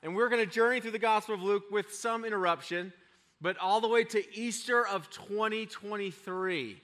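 A middle-aged male pastor preaching a sermon, telling a family story with lively, animated delivery. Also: high voice, normal speed. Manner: storytelling, acts out his children's excited voices. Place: church.

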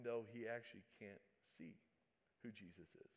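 A man preaching a sermon, swinging between loud dramatic calls and quiet, hushed asides. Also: mid-range voice, animated, unhurried.

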